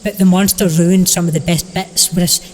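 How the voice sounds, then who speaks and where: A man telling a rambling comic story in a deadpan, meandering way. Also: high voice, normal speed, in a large hall, a little hiss or hum.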